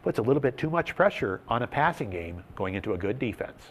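Talking at a quick pace in a mid-range voice, a man runs a sports betting talk show segment, lively and emphatic as he goes through odds and statistics. There's a little hiss or hum in the recording.

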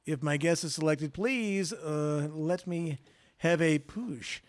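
Higher-voiced male co-host, dry sound. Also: takes it slowly, no room sound. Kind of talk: casual chat, reading viewer emails.

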